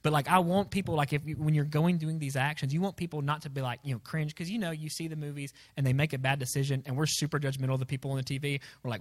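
A man's voice: fairly high pitch, very fast, few pauses. A young man preaching to students, rambling and self-deprecating, full of fillers. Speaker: youth pastor. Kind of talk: sermon to students.

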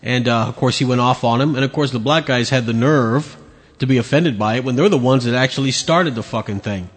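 A husky, medium-pitched man speaks fairly quickly in a large hall, hosting his own podcast. The solo rant is opinionated, blunt and sarcastic, laced with lots of swearing.

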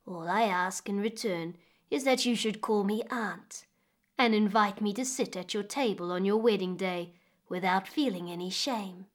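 A woman voicing a strange, kindly old woman with a crooked body, speaking slowly and soothingly. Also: mid-range voice, close to an everyday voice. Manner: slow, soothing.

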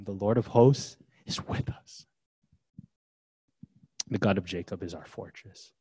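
A man's voice: fairly low pitch, breathy edge. Emphatic male pastor preaching. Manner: swings from hushed to loud and emphatic, casual asides. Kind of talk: sermon.

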